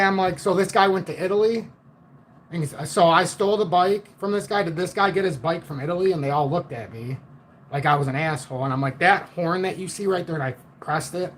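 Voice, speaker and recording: A man on a casual livestream, telling a story in a blunt, profane and animated way. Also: on the high side, slight background noise. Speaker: livestream host.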